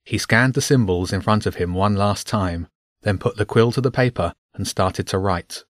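A man narrating a children's adventure story aloud with an expressive reading. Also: fairly low pitch, moderate pace, no room sound, clean studio sound.

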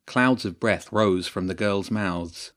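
Low-voiced man narrating an audiobook. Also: takes it slowly, fairly bright tone.

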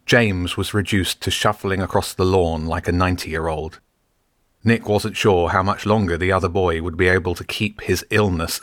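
A man reading a story aloud in steady, measured scripted narration. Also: deep voice, no room sound, studio quality. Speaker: audiobook narrator.

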